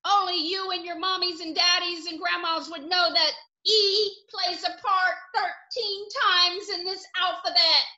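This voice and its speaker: A woman teaching a children's alphabet lesson, excitable and exclaiming often. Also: very high voice, measured pace, few pauses, highs cut off.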